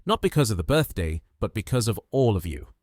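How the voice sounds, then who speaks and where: A man reading a gentle, touched young man. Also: fairly low pitch, sing-song, brisk, dry recording, clean studio sound. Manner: gentle, earnest.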